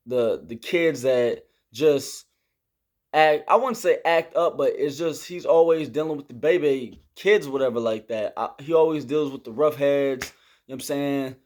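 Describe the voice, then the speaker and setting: A young man telling a story about basic training in a casual, slangy vlog style, with lots of fillers. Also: mid-range voice. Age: young adult. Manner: slangy and animated, with many fillers. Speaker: army recruit telling a story.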